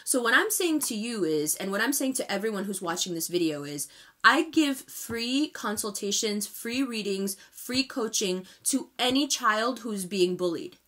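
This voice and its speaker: Bright, impassioned woman in her thirties. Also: mid-range voice, animated, moderate pace. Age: 30s. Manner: impassioned, emphatic, talks straight to viewers. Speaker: tarot reader. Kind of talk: direct-to-camera monthly reading.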